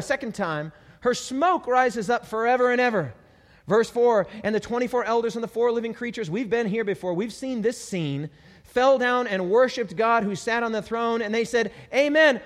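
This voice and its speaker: A man preaching a sermon as a pastor, enthusiastic, breaking into shouted hallelujahs. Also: high-pitched, expressive, brisk. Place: church hall. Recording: long hall reverb.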